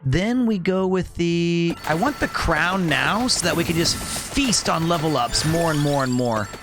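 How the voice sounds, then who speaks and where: A man's voice: fairly high pitch, lively intonation, a little slow. A man from Kansas City chatting and joking in a rambling way while commenting on his gameplay as a streamer. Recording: game music under the voice.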